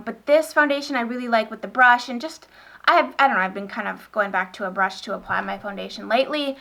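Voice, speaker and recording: A woman's voice: a little high, bright, forceful tone. A young woman with a northern US accent, chatting casually about beauty products in a gushing, rambling way with many fillers. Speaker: beauty vlogger. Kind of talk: casual chat.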